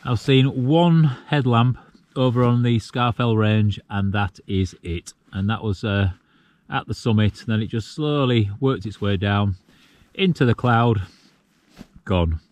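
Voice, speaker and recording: A man in his forties from the UK chats casually to camera while camping alone on a cold mountain at night, in a relaxed, reflective way with the odd chuckle. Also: on the low side, unhurried. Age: 40s. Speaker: solo wild camping vlogger.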